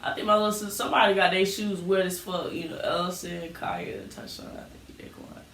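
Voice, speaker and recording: Man co-host, high and bright voice, lively storyteller, sits back from the mic in an echoey room. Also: brisk, a little hiss or hum. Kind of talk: casual chat. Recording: roomy, distant from the mic.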